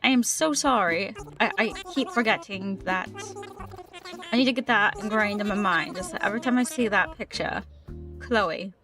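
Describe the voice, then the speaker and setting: A woman's voice: mid-range voice, moderate pace, music in the background. A young woman livestreaming a game, chatting casually and upbeat with her viewers, sometimes tripping over her words. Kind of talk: casual chat with live chat while gaming.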